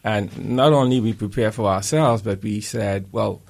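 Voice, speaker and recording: A Bahamian man speaks as a guest in a radio studio. His voice is low, gravelly and husky, and he tells his story in a steady, earnest way. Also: normal speed. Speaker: artist guest. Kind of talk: radio interview.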